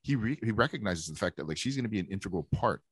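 A very low-voiced man talking through his thoughts in a casual review chat, full of "like" and restarts. The sound is close and dry with no room around it. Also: animated, fast, fairly bright tone, slightly rough, no room sound. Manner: rambling, filler-heavy, thinking aloud. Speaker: podcast co-host.

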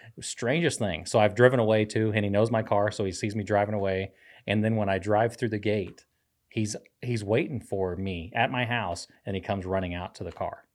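Low-voiced pastor telling a rambling story. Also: male voice, steady tone, a little fast. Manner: rambling storyteller, self-teasing, laughs often. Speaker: pastor, podcast co-host. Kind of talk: casual chat.

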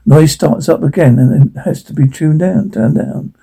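A man's voice: on the high side, moderate pace, mellow, slightly rough. A man reading a script aloud, stage directions included, in a plain, unpolished way with stumbles.

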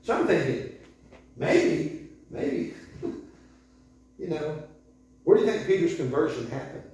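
A man in his sixties preaching an informal sermon in a conversational, animated way, chuckling often. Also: a little high, slow. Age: 60s. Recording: echoey room from far off.

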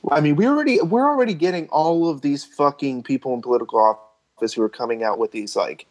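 Animated man with a lively pitch. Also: fast talker, poor audio. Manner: animated, crude, joking. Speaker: podcast co-host. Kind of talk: casual chat.

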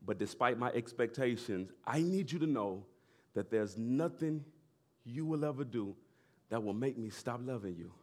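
A middle-aged man preaching from the pulpit in an easy conversational way. He jokes and laughs between points, then rises to loud, driving emphasis. His voice sits in a medium pitch for a man. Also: lively intonation, moderate pace. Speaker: pastor. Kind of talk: sermon.

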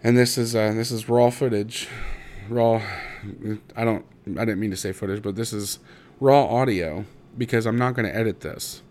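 A man in his thirties telling his own story in a personal monologue, halting and restarting his words, emotional and close to breaking. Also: fairly low pitch, a little mellow. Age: 30s. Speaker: podcast host.

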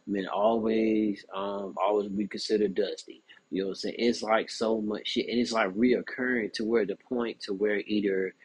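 Man, young adult, husky, dry close mic, casual commentary. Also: fairly low pitch, no echo. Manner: animated, frequent "you know what I'm saying". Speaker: podcast host.

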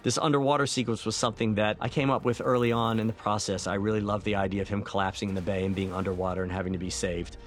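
A man, a film director, talking through his movie in a relaxed, reflective audio commentary, with many fillers and restarts. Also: lowish voice, fast talker, hardly any pauses. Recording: faint film soundtrack music underneath.

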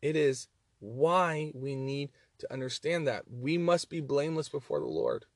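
A man with a Southern accent giving an earnest, animated Bible teaching, reading verses and often repeating words as he stresses a point. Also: medium pitch, a little slow, dry recording, clean studio sound.

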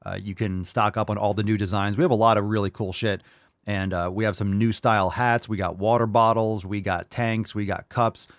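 A man hosting his own livestream podcast, delivering a loud, profane, jokey and hyped-up monologue. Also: lowish voice, steady tone, fairly quick, no echo, clean studio sound. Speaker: podcast host. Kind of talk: brash comedic livestream monologue.

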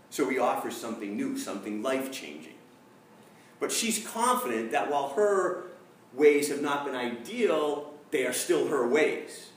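A male pastor gives an earnest sermon, telling a story with emphatic stress. His voice is low and booms around a very echoey room, and he is heard from some way off the mic. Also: recorded from a distance, a little hiss or hum.

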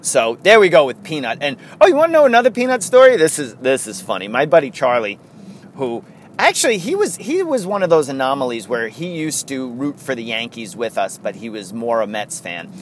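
Male host, lively rambling storyteller, faint traffic behind. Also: medium pitch, brisk. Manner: rambling, laughs often, animated. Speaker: podcast host. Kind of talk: casual storytelling chat.

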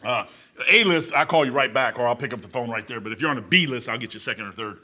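A middle-aged man preaching a sermon in a folksy, storytelling way, dropping to quiet asides and rising to loud exhortation. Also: medium pitch, animated, fast. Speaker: pastor.

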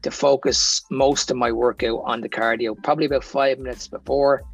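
A man's voice: medium pitch, little pitch movement, moderate pace, creaky, husky, no room sound, muffled recording, faint music behind. A man with an Irish accent, a fitness coach talking as a podcast guest, explaining training advice plainly from his own experience. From Ireland. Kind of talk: casual podcast chat.

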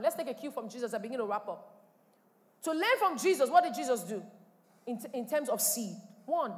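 A woman pastor preaches in an animated style, swinging from quiet asides to loud bursts. Her voice sits high and moves a lot. It rings out with a long reverb in a church hall. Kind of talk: sermon.

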